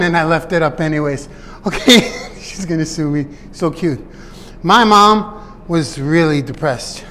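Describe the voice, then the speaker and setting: A high-voiced man talks straight to his viewers like a business coach, rambling through side stories and chuckling at himself. His voice rings out with a long reverb trailing behind it. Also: moderate pace, a bit bright. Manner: chatty, digressive, laughs at his own stories. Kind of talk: casual motivational talk to viewers.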